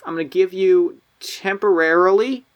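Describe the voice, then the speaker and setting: A man's voice: high voice, normal speed, highs cut off. A man running a tabletop role-playing game, narrating scenes casually with lots of fillers and restarts. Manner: casual, filler-heavy, playful. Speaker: game master.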